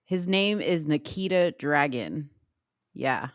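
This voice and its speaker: A woman co-hosting a casual livestream talk show, with a low voice that swings widely in pitch as she reacts. The sound is dry and close to the mic, and her delivery jumps from loud outbursts to quiet asides. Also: slow pace, dry recording. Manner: animated, reactive, swings between loud exclamations and low mutters. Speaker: co-host.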